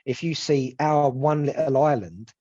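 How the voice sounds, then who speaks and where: Man, podcast host, casual chat, sweary, rambling, slightly high voice. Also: measured pace, dark tone, breathy edge. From England. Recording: dull lo-fi sound.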